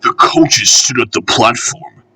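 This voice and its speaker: A man reading a children's railway storybook aloud in an expressive, measured way. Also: mid-range voice, slightly rough, no room sound.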